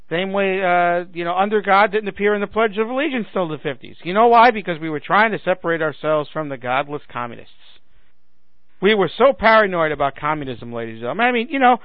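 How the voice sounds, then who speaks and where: A man's voice: sits high, no room sound. A man in his forties hosting a talk radio show, ranting sarcastically at listeners while fighting a failing voice. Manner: ranting, sarcastic, addresses listeners as ladies and gentlemen. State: losing his voice, clearing his throat. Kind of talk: political talk radio monologue. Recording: dry phone-like radio sound.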